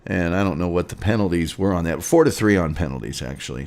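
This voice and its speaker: A man's voice: deep voice, expressive, fast talker, darkish tone. A man hosting a casual sports show, rambling through scores with sarcastic asides. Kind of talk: casual sports commentary and rants.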